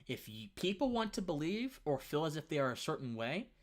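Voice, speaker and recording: Slightly high-pitched and a little fast, a young adult man hosts a casual livestream sharing opinions. He's chatty and lively, often saying "man," and he rambles, stumbles, and starts sentences over.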